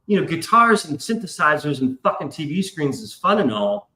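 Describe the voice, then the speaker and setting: A man's voice: fairly high pitch, lively intonation, normal speed, bright, forceful tone, echoey room, rough recording. A man hosting a casual live stream, telling a long rambling story and swearing freely. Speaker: stream host. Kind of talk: casual chat.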